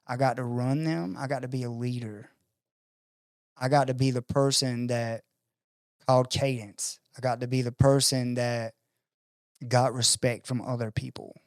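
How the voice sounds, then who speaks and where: A man's voice: medium pitch, clean tone, no room sound, studio quality. A man telling a personal story in a casual conversation, acting out other people's voices and swearing freely. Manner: animated storyteller acting out quoted voices, profane. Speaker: podcast guest.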